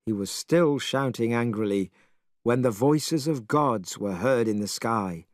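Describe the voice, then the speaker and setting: A man narrating a storybook clearly and expressively for English learners. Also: medium pitch, unhurried, dry recording, studio quality.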